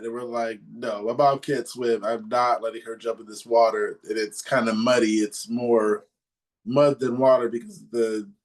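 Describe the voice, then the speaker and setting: A man co-hosting a podcast, telling a story in a rambling, casual way with lots of fillers. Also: mid-range voice. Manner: rambling, many fillers, animated retelling. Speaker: podcast co-host.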